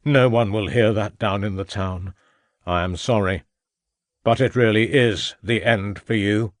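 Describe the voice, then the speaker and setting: A man voicing a scheming, murderous Victorian gentleman who gloats and sneers at the inspector. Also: lowish voice, unhurried, no room sound, clean studio sound, lightly acted. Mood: mocking.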